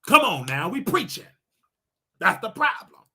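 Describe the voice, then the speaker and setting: Man, show host, casual rant, animated, preachy, bright tone. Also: sits high, unhurried, husky. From United States. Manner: animated, preachy, loud outbursts, laughs often.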